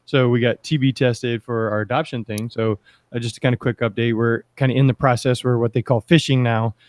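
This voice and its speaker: A mid-pitched man hosts with an upbeat, chatty flow, wandering into asides and then pulling the talk back on track. The sound is close and dry. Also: fairly even intonation, a little fast, dry recording. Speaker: podcast host. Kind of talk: casual panel discussion.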